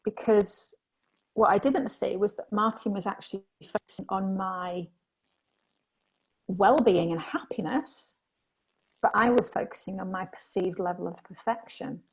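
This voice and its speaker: Woman, husky, gravelly, middle pitch, candid conversational guest. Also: a little slow, poor audio. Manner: candid and animated when reenacting herself. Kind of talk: reflective conversation.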